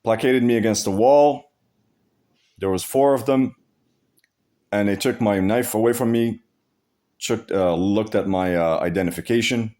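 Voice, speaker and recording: A man's voice: lowish voice, measured pace, pauses often, mellow. A man vlogging to camera, telling a story bluntly with lots of swearing, restarting and repeating his phrases. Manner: blunt, profane, repetitive storytelling. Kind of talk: casual vlog monologue.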